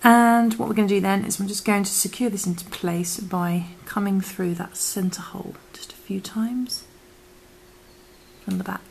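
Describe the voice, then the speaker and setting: A woman gently talking a beginner through a crochet project, her voice slipping in and out of a whisper. Her tone has a gravelly edge and sounds a little worn out, with a faint hiss of noise underneath. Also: mid-range voice, fairly even intonation, normal speed, rough recording. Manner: soft, half-whispered instructions while working. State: losing her voice. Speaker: crochet teacher. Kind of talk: step-by-step craft tutorial.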